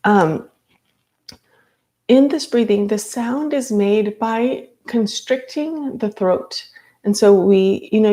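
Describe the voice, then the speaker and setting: Lady yoga teacher, chatty, lots of ums, bit of fry, mid pitch. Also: mellow. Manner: chatty, with ums and light laughs. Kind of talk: live-streamed yoga class instruction.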